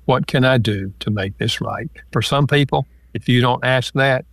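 A man, an author and counselor, calmly explaining ideas with everyday examples in an interview. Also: mid-range voice, normal speed, dry recording. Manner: calm, explanatory, gives examples. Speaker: author and marriage counselor guest. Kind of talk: interview conversation.

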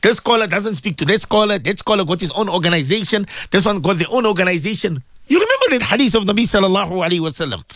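A man preaching on the radio in a high, swooping voice, heated and insistent. He keeps firing off rhetorical questions and repeating himself for emphasis, close to a dry studio mic. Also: sing-song, fast talker, few pauses, fairly bright tone, no room sound. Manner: fervent, repetitive, rhetorical questions. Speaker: radio presenter giving religious advice. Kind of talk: impassioned radio sermon.

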